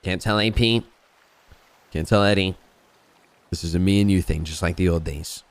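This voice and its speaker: Deep-voiced man rambling in roleplay. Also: moderate pace, clear, resonant tone. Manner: profane, rambling, full of "you know what I mean". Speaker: roleplay gamer. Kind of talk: in-character roleplay chat.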